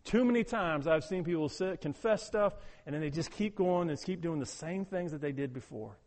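A man preaching a sermon as pastor, talking with emphasis, repeating words, and moving between loud urging and quiet prayerful tones. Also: a little high, animated, moderate pace, big-room sound.

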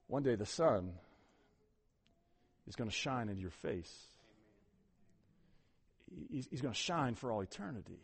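A man preaching a sermon as pastor, telling stories animatedly and swinging from loud emphasis to a hushed near-whisper. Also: mid-range voice, lively intonation, measured pace, creaky, long pauses, breathy edge. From Ohio.

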